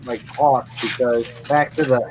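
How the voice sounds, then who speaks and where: A man's voice: medium pitch, fairly even intonation, a little slow, slight background noise, poor audio. A middle-aged man who runs a lawn mowing business, telling a blunt, profane story in a casual podcast chat.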